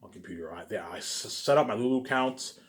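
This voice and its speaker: A man's voice: on the low side, expressive, quick pace. A man giving a rambling, repetitive monologue to camera that turns into a heated rant, with frequent swearing. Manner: swears often, keeps saying "obviously". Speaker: vlogger.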